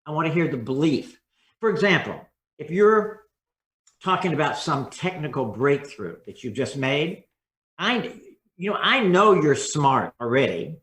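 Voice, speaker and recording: A man appearing as a guest on a podcast interview works as a communication coach and gives advice on how to speak. His slightly high voice becomes expressive as he acts out different tones, at a measured pace amid a roomy echo.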